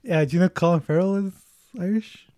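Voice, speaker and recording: A man's voice: high voice, dark tone, no room sound. Chatty man with a dry, close voice. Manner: chatty, laughing, halting restarts. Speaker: podcast co-host. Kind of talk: casual movie chat.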